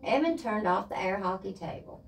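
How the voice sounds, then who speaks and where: Gravelly woman reading a storybook. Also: medium pitch, normal speed, distant mic, faint music behind, poor audio. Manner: lively expressive reading. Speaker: reader. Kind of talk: reading a children's chapter book aloud.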